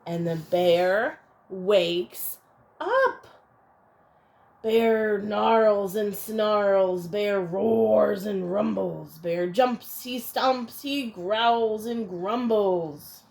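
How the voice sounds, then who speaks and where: A woman reading a picture book aloud to children, expressive and playful, adding little asides for young listeners. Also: medium pitch, drawn-out words, gravelly, rough recording. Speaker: storyteller.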